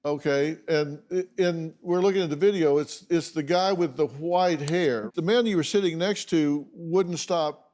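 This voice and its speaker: A man's voice: fairly high pitch, unhurried, a little mellow. A man hosting a talk show, asking guests probing questions in a dry manner. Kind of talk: hosting an interview.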